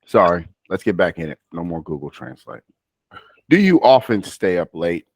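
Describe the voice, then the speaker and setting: This American speaking tutor has a low, very animated voice and talks at a normal speed. In a one-on-one session he patiently coaches a student in spoken English, frequently cutting himself off mid-sentence.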